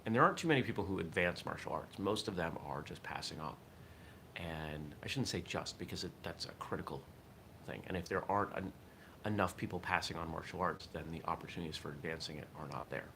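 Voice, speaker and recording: A man with a low, deep voice hosts a casual morning livestream and talks his thoughts through as they come. His tone is bright and forceful. A faint hiss sits under the recording. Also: quick pace. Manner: reflective, thinks aloud with restarts. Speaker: host of a martial arts morning show.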